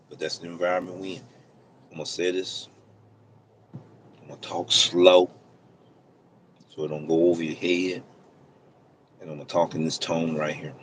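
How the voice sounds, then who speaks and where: A man's voice: low voice, level tone, measured pace, pauses often, a little hiss or hum, poor audio. A man who drives deliveries, talking to viewers on a livestream in passionate, preachy, slang-filled casual speech. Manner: impassioned, preachy, talks straight at the audience.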